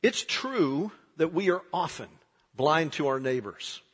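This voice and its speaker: A pastor delivers a sermon, his husky voice ringing through a large, reverberant hall. He speaks slowly but with a lively, high-reaching pitch. He drops to a near hush, then builds to loud, dramatic emphasis. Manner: dramatic, swings from hushed to shouting.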